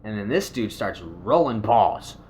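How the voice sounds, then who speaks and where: A man casually telling a rambling, animated story, swearing often and acting out what people said. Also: fairly low pitch, measured pace, a little hiss or hum. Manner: rambling, animated, swears a lot, acts out quotes. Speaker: video host.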